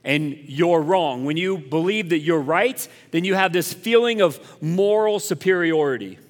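Male pastor, fairly high voice, candid self-mocking sermon, church reverb. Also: measured pace. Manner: candid, self-deprecating, repeats phrases for emphasis. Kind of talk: conversational sermon. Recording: echoey hall reverb.

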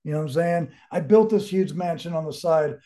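Mellow-voiced man swearing bluntly. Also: a little high, fairly quick. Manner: heavy swearing, blunt and rambling; reflective, searching. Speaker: interview guest. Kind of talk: candid casual storytelling.

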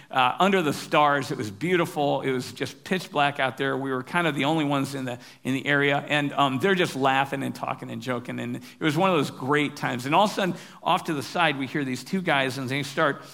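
A male pastor giving a sermon, telling stories in a relaxed, humorous, conversational way. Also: a little high.

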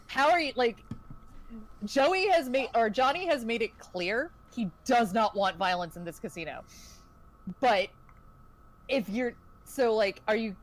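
A young woman running a tabletop game, chatting casually and laughing often. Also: a little high. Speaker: game master.

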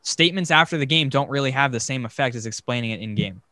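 A man's voice: mid-range voice, expressive, quick pace, pushed and bright, dry recording. A man co-hosting a casual sports podcast, talking emphatically and ranting. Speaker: podcast co-host.

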